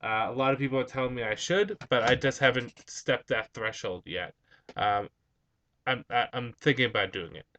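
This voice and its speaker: A man's voice: medium pitch, moderate pace, pushed and bright, highs cut off, a little hiss or hum. A young man with a slight Spanish-influenced accent on some words, hosting a vlog and answering viewer questions in a rambling, hesitant way with many fillers. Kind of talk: casual chat.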